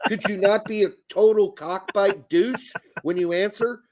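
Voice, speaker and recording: A man's voice: high-pitched, steady tone, unhurried. A man hosting a podcast, ranting in a sarcastic, profane, casual chat. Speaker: podcast host.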